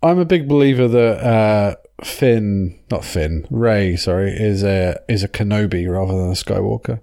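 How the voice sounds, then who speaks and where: A man's voice: fairly low pitch, animated, normal speed, vocal fry, dark tone. A man hosting a podcast in casual chat, jokey and rambling, laughing often. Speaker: podcast host.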